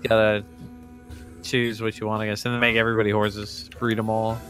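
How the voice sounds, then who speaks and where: Rambling young man with a bright voice. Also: on the low side, monotone, a little fast, soft background music. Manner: rambling, lots of fillers like "like" and restarts. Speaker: co-player. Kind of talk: casual gaming chat.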